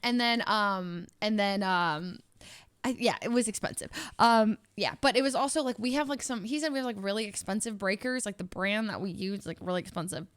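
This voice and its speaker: A young woman telling a story in a casual, rambling way. She often laughs and acts out the people she quotes in a higher voice. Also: a little fast, a bit bright, smooth, dry recording. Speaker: streamer.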